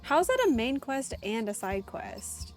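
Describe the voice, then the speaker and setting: A woman streaming a video game live in casual, chatty commentary, animated and quick to laugh. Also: a little high. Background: game music.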